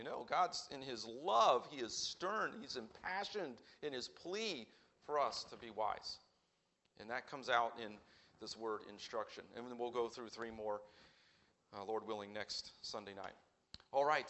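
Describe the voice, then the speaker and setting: A man's voice: medium pitch, fairly bright tone. A man preaching an earnest sermon in a church, asking rhetorical questions and acting out quoted voices. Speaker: pastor.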